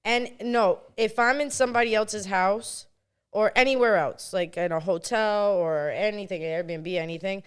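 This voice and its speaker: A young woman, co-hosting a podcast and telling blunt, animated stories full of swearing. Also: medium pitch, normal speed, clean tone. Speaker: podcast co-host. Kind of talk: casual chat.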